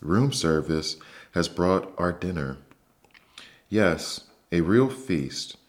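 A man with a deep voice playing a cheerful, carefree mother mouse in a bedtime storybook reading. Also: expressive, slow.

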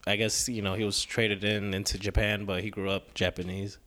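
A man's voice: fairly low pitch, level tone, fairly quick, a bit bright. A man co-hosting a podcast, chatting casually, laughing often and explaining things eagerly. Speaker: podcast co-host. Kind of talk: casual banter.

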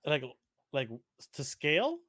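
A man co-hosting a podcast in casual chat, opinionated and quick to argue his point. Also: on the high side, huge pitch swings, pushed and bright, no echo. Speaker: podcast co-host.

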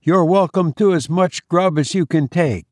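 A man's voice: fairly high pitch, moderate pace, a little mellow, no echo, studio quality, voice pushed up, close to an everyday voice. A man reading an audiobook, voicing a kind, plainspoken sailor who talks earnestly and directly.

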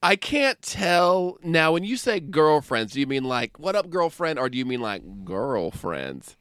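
A man from the United States co-hosting a film podcast in casual chat, animated and jokey. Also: on the high side, normal speed, clean tone, no room sound, clean studio sound. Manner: animated, jokey, breaks into put-on voices and laughs. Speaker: podcast co-host.

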